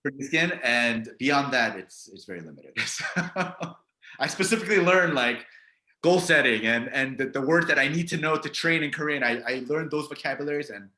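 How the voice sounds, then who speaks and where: Bright-voiced American man on a roomy call. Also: medium pitch, moderate pace. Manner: relaxed, laughs often, trails off with "so". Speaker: guest, business leader. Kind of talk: casual video-call interview. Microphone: video call. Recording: roomy echo.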